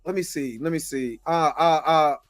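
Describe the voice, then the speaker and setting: Faint music plays behind this American livestream host, whose fairly high voice moves at a moderate pace. Frustrated and impassioned, he keeps repeating himself while calling out viewers by name to thank them.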